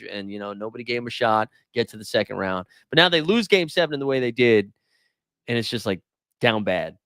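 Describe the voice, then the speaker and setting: A man co-hosting a podcast, chatting casually about basketball, animated and joking, often laughing. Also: medium pitch, no room sound, clean studio sound. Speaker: podcast co-host. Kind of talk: casual sports chat.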